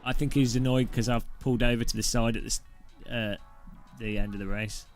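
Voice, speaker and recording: A man's voice: mid-range voice, fairly even intonation, a little fast, soft background music. A man giving casual, jokey commentary over his sim racing gameplay and laughing often.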